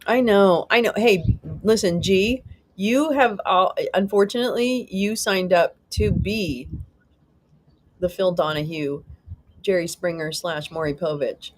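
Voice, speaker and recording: A woman's voice: mid-range voice, a little slow, a little hiss or hum. A woman hosting a casual live stream, chatting with viewers, reading the chat aloud, laughing often and swearing casually with a self-mocking humor. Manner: chatty, giggly, reads chat aloud and jokes. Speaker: livestream host.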